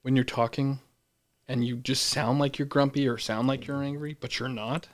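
A man's voice: fairly even intonation, moderate pace. Laid-back blunt man telling stories. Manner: low-key, blunt storyteller who laughs easily. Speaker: podcast co-host. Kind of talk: casual chat.

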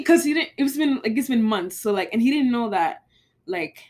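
A woman's voice: fairly high pitch, normal speed. A woman co-hosting a faith podcast in casual chat, telling stories animatedly with many "like"s. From abroad, moved to the US. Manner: animated storyteller, frequent "like". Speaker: podcast co-host.

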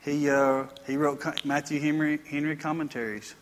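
A man's voice: fairly high pitch, little pitch movement, moderate pace, slight background noise. A man preaching a sermon, telling folksy stories and building to emphatic points. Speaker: pastor. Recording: long reverb of a church hall.

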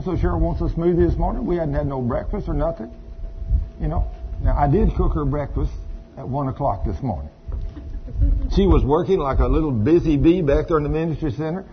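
A man's voice: a little high, slight background noise. A man preaching a sermon, folksy and storytelling, with asides to the congregation. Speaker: pastor. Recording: dull lo-fi sound with faint ambience.

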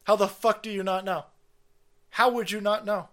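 A man's voice: sits high, flat delivery, normal speed, bright, forceful tone. A man hosting a stream, ranting in angry, swearing, mocking commentary on a played clip. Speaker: stream host.

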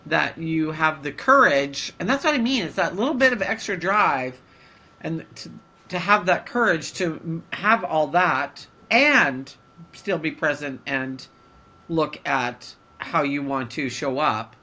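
Woman with a bright, forceful voice. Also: sits low, lively intonation, measured pace. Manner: supportive, reflective. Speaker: podcast co-host. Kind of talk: casual chat.

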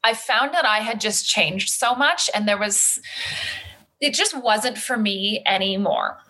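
A woman in her thirties or forties telling her story in casual conversation, animated and acting out the voices of others. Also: medium pitch, a little slow, rough recording. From Canada. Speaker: guest, community founder.

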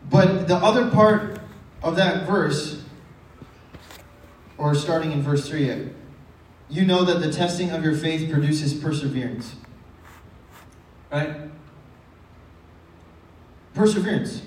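A male pastor preaching a casual, conversational sermon in a church, often asking the congregation rhetorical questions. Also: fairly high pitch. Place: church sanctuary. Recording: echoey hall from far off.

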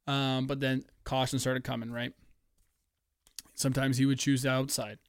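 Man, podcast host, from canada, swears a lot, rambling, smooth clear voice, dry sound. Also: medium pitch, moderate pace, dry recording. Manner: profane, animated, rambling. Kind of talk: casual solo podcast rant.

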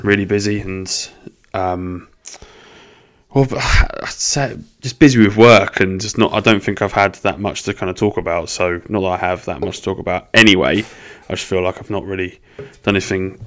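A man's voice: low voice, steady tone, normal speed, a bit bright. A man hosting a solo podcast, rambling through casual chat with sweary, self-deprecating banter. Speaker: podcast host.

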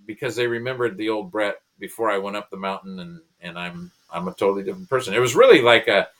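A man's voice: lowish voice, fast. A man, a pastor and comedian, telling his personal conversion story as a podcast guest, earnest and emotional. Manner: earnest, emotional, animated retelling.

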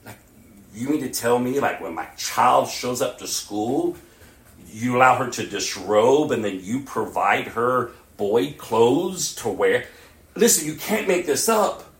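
Male pastor, sermon delivery, animated swings from loud to hushed, distant mic in an echoey church, faint room ambience. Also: medium pitch, unhurried. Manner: animated, swings from loud outbursts to near-whispers.

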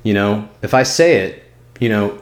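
A man co-hosting a podcast with a lowish voice, chatting casually and swearing freely. He breaks into animated bursts as he makes his points. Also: normal speed. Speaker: podcast co-host. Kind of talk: casual chat.

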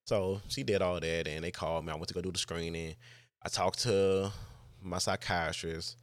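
Man, podcast host, very low voice, dry close sound, casual rambling story, lots of fillers. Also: fairly even intonation, normal speed, dry recording. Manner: rambling, heavy use of "like", frequent restarts.

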